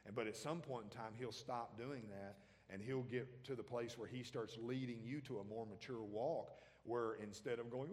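A man's voice: mid-range voice, normal speed, hardly any pauses, a little mellow, long reverb tail. A man preaching a sermon as pastor, talking conversationally and throwing questions out to the congregation.

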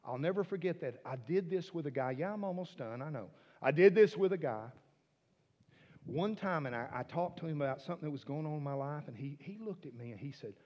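A man preaching a sermon, swinging from soft hushed asides to loud emphatic declarations. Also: fairly high pitch, animated, fast talker, few pauses, long reverb tail, dull audio. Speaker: pastor.

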